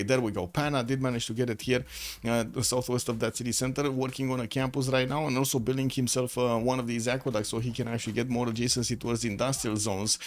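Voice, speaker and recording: Male caster thinking aloud. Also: mid-range voice. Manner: thinking aloud, many fillers and self-corrections. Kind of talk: live game commentary.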